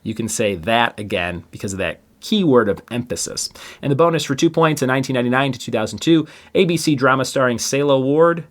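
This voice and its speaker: A man's voice: medium pitch, animated, quick pace. A man hosting a trivia podcast, reading each question twice and adding chatty asides between answers. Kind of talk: casual quiz reading.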